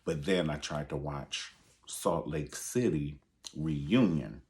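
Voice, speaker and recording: A man's voice: a bass voice, takes it slowly, darkish tone. A man giving sassy, profane pop-culture commentary and calling his listeners honey. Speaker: online show host.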